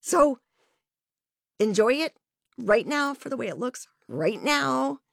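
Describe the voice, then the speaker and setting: A woman guest in a candid sit-down conversation, talking frankly and reflectively about herself. Her pitch moves a lot as she speaks, rising and dipping with feeling, and the recording is close and dry with no room sound. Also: animated, takes it slowly, gravelly, no echo. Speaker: interview guest.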